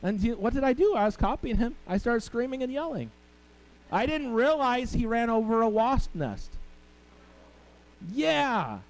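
A man's voice: very high-pitched, big pitch swings, a little slow, poor audio. A middle-aged male pastor preaching a sermon, telling family stories and talking with the congregation. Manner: storytelling, conversational with the congregation.

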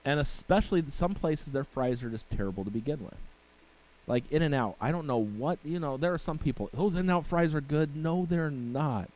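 A man's voice: medium pitch, expressive, normal speed, a little mellow, low-quality recording. A male pastor preaching a sermon in a conversational way, often asking "right?" and reading scripture aloud. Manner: conversational preaching with rhetorical questions and asides; reads scripture in King James wording.

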